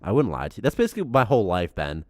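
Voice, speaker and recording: Fast-talking, deep-voiced man, rambling. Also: dry recording, studio quality, faint music behind. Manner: excitable, rambling, gets heated. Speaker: co-host, game programmer. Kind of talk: casual chat on a dev livestream.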